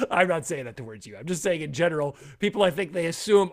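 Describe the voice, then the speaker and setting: A chatty man hosting a podcast, his fairly high voice swinging up and down as he talks. He laughs easily and keeps things loose and conversational. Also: quick pace. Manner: chatty, laughs often, animated. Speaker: podcast host. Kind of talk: casual podcast chat.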